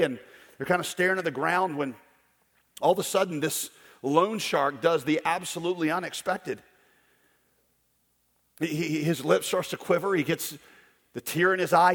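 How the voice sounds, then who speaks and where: A male preacher with a fairly high voice delivers an emphatic sermon, rising to loud declarations and dropping to hushed storytelling. His voice rings out with a long echo through a large hall. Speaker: pastor.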